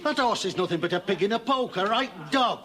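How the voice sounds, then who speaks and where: A blunt, blustering old farmer, griping with gusto. His voice sits high and swoops up and down a lot. A crowd murmurs in the background. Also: animated, a little fast. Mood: indignant. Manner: blunt, gleeful, miming animals. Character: blustering comic old farmer complaining of swindle.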